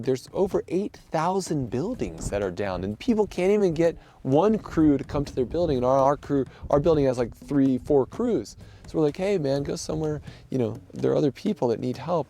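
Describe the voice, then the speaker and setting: A man recounting his time as a volunteer rescue worker, telling the story in a casual, animated way with many restarts. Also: medium pitch, gravelly. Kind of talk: casual spoken recollection.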